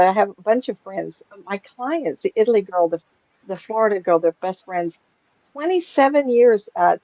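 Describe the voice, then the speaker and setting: Her voice fairly low and a touch mellow, a woman in her sixties who works as a psychic medium talks to a small group in a rambling, chatty, laugh-filled way. The recording is dry, dull and lo-fi.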